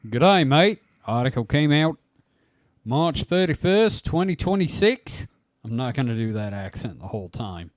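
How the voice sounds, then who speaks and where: A man's voice: mid-range voice, animated, moderate pace, no echo. A man hosting a casual podcast, joking and laughing often as he reads an article aloud. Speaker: podcast host.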